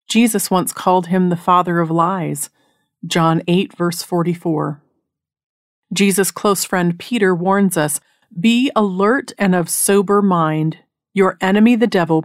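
Slow, low-toned woman reading scripture. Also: no room sound, studio quality. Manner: measured, earnest reading of scripture. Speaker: Bible teacher. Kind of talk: scripted devotional narration.

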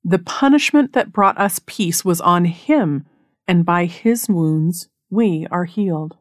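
A woman giving an earnest, measured devotional narration that reads out Bible passages. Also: fairly low pitch, expressive, no room sound, studio quality. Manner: measured, earnest reading of scripture. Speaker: Bible teacher.

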